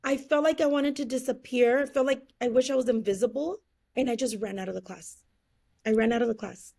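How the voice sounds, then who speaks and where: A woman with a high, gravelly voice tells her story in a casual interview. She is animated and acts out the people she quotes. She laughs often along the way. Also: fairly quick. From California, USA. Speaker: interview guest.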